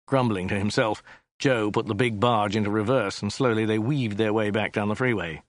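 A man's voice: lowish voice, moderate pace, dry recording. A man narrating an audiobook in a dry, wry storytelling manner. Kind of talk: scripted narration.

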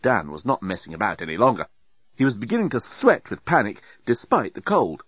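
A man narrating a storybook in an expressive, animated reading. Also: on the low side, brisk, husky, no room sound. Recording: dull lo-fi dry recording.

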